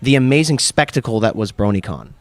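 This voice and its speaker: A man's voice: lowish voice, big pitch swings, quick pace, no room sound. A man hosting a casual interview, patiently correcting his partner with wry asides.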